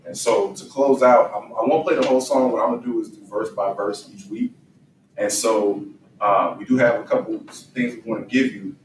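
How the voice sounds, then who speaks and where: A man's voice: lowish voice, steady tone, moderate pace. A man leading a youth group, giving a motivational talk with emphatic call-and-response, recorded from a distance in an echoey room. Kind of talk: motivational talk to young men. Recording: distant mic in echoey room with faint noise.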